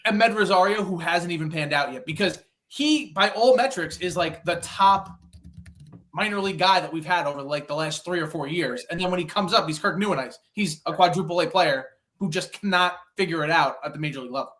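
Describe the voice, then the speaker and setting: A man with a high voice makes blunt, emphatic points in casual sports banter. He swears now and then and speaks plainly. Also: fairly quick, a bit bright.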